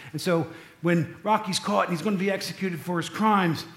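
A man's voice: high-pitched, fairly quick, gravelly, fairly bright tone, reverberant. A man preaching a sermon, telling stories in a loose, conversational way with asides to the congregation. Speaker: pastor.

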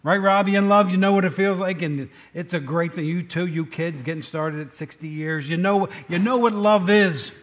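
A middle-aged man preaching a sermon as pastor, telling the story with lively asides and jokes. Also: sits high, normal speed, few pauses.

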